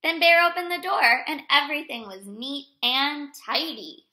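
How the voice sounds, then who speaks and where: A woman reads a picture book aloud to young children with lively, animated delivery. Her voice is high and bright. She speaks warmly and directly to her little listeners. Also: a little slow, low-quality recording. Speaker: storyteller for children.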